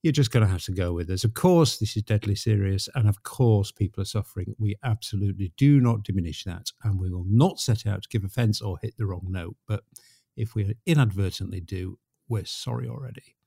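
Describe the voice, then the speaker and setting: A man's voice: lowish voice, fairly quick, gravelly, dark tone, slightly rough, dry recording. Wry male podcast host, dry sound. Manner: jovial, wry, apologetic asides. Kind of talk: casual chat. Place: home, in lockdown.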